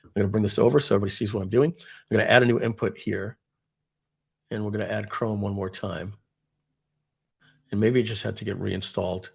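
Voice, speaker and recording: A man with a New York accent leads a live webinar over a video call, walking through software as he goes. His voice has a gravelly, creaky edge, and he talks in a chatty, think-aloud way. He gets excited as he shows off each tool. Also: fairly low pitch, a little fast, pauses often. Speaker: webinar host.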